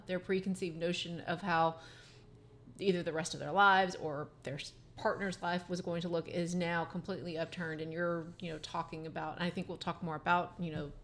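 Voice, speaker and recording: A woman lawyer on a podcast, speaking in casual conversation, pausing with ums as she thinks. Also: lowish voice, slight background noise. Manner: thoughtful, frequent ums and restarts. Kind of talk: casual professional chat.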